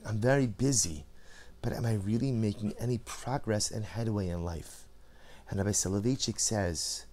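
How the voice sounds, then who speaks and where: A man teaching a Torah class, moving from quiet reflection to loud emphatic repetition. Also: on the low side.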